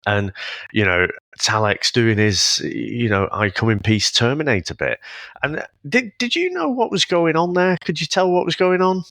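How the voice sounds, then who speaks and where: A man chatting about a film in a lively, bouncing voice with a bright edge. He chuckles and restarts as he thinks aloud. The sound is dry and close, with no room around it. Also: a little high, moderate pace, gravelly, no echo. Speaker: podcast co-host. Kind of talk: casual film chat.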